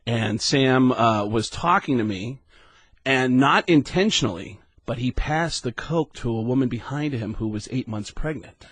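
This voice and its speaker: A man who is a guest comedian in casual interview chat, telling stories in an animated way, recorded in a garage studio. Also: mid-range voice, unhurried, slightly rough, no echo. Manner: animated storyteller.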